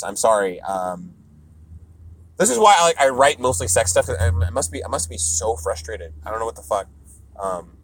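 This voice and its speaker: Comedian, male, road-trip ramble, lively pitch swings, mid voice, car noise under him. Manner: animated, profane, jumps into mock voices and broken French.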